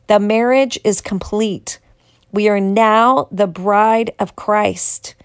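A woman reading scripture and adding her own devotional commentary, in a slow, measured way that lifts for the quoted lines. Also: medium pitch, vocal fry, no echo, clean studio sound.

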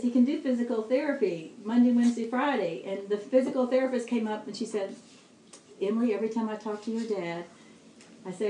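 A middle-aged woman giving a devotional talk, telling a personal story with lively quoted dialogue and laughing asides. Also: a little high, a little hiss or hum. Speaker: speaker sharing testimony. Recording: echoey room with faint ambience.

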